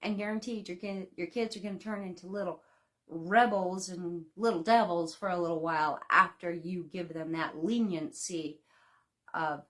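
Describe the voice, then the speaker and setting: A woman's voice: lowish voice, moderate pace. A woman in her thirties, a home baking instructor, talking casually and folksily to her class from home, with lots of fillers and laughs. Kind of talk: casual live-class talk.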